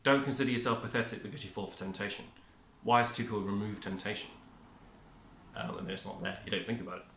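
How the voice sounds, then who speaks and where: A man's voice: fairly low pitch, steady tone, fast talker, a bit bright, slight background noise. A man giving a rambling, upbeat self-help monologue, often cutting himself off mid-word. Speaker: vlogger. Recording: echoey room.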